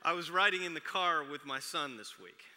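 Slightly high, expressive, pushed and bright, the voice belongs to a pastor in his forties speaking at normal speed. He fills his sermon with chatty, self-deprecating tales of his family, and a large hall's long reverb trails his words.

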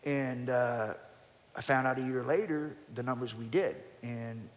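A man in his fifties, a former fighter guest in an interview, telling a story in a lively way, often restarting his sentences and rising in pitch and loudness when he gets excited. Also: unhurried. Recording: long hall reverb.

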